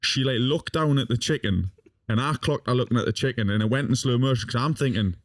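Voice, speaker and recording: A man's voice: medium pitch, fast talker, dry recording, studio quality. A young man, a podcast guest, telling a funny story in casual talk, swearing often and laughing as he goes. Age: young adult.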